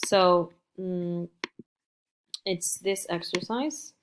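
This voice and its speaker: A woman teaching an English lesson, repeating words slowly and carefully for her learners. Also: lowish voice, slight background noise. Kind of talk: recorded online English lesson.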